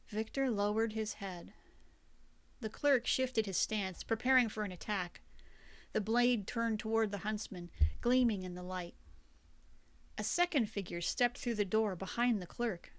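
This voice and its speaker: Woman audiobook narrator, measured suspenseful read, mid pitch, dry close studio mic. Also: no echo. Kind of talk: scripted fantasy narration.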